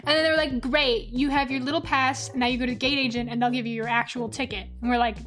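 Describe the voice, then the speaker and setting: High-pitched, laughing, casual, profane woman streamer, quiet music underneath. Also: fast talker. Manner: animated, laughs often, swears freely. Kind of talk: casual storytelling while drawing on stream.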